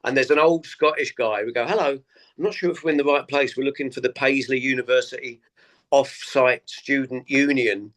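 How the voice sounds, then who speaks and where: A man, a stand-up comedian, telling tour anecdotes in a relaxed interview and acting out the people he quotes. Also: medium pitch, normal speed. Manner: animated anecdotes, acts out quoted voices. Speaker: comedian guest. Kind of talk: casual interview storytelling.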